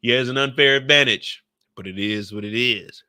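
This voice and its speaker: A man's voice: medium pitch, moderate pace, pushed and bright, dry recording, studio quality. A man hosting a show recap in loose, slangy live commentary, laughing often and mimicking characters.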